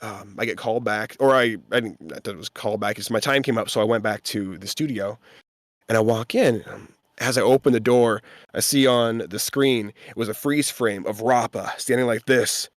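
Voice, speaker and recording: Man, voice actor guest, animated storytelling, acts out quoted voices, dry close sound. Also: fairly low pitch, normal speed, dry recording. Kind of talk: casual storytelling.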